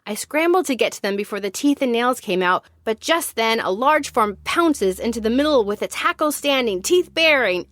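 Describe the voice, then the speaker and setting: Lively woman reading a storybook. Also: on the high side, moderate pace, few pauses, dry recording, clean studio sound. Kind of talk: reading her own children's story aloud.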